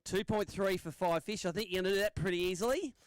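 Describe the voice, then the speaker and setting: A man's voice: high voice, quick pace, no echo. A man emceeing a live fishing tournament weigh-in outdoors, bantering with the anglers. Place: outdoor lakeside weigh-in stage.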